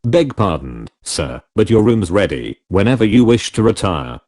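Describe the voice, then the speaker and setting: A man voicing a solemn, deferential male manservant with a slight Irish accent and smooth, formal speech. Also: fairly low pitch, big pitch swings, a little mellow. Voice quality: smooth, liquid tones. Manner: formal, measured, says sir often.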